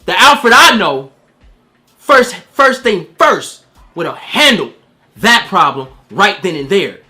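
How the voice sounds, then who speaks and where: Animated, slangy man reviewing a movie. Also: high-pitched, takes it slowly. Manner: acts out quoted voices. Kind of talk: casual spoiler review.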